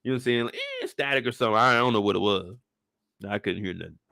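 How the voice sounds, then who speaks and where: A man hosting a casual, joking recap of a TV episode, animated and profane. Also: mid-range voice, fast, vocal fry, dry recording, studio quality. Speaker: YouTube show recap host. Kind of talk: casual comedic commentary.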